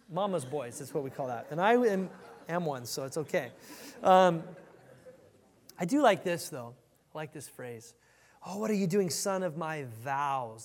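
A man with a notably high voice delivers a conversational sermon as a pastor, reading his verses with animated emphasis. His voice rings out in a large hall with a long reverb, the kind heard in a church sanctuary.

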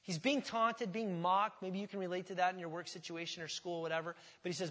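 A man's voice: high-pitched, fairly even intonation, fairly quick, few pauses, a bit bright. A man preaching a sermon in a church, speaking conversationally and putting questions to the congregation. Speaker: pastor. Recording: hall reverb.

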